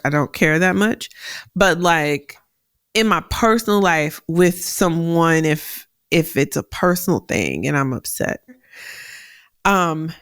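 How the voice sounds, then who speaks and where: Woman podcast host, deep carrying voice, dry close mic, straight-talking and lively. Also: clear, resonant tone, no echo. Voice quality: deep voice that carries. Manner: direct, animated, laughs often. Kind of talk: solo career advice podcast.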